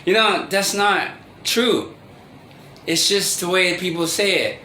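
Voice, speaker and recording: A man in his thirties speaking a rambling, halting confessional monologue as a vlogger. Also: sits high, pushed and bright. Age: 30s. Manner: rambling, halting, with many restarts and fillers. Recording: roomy echo with faint ambient noise.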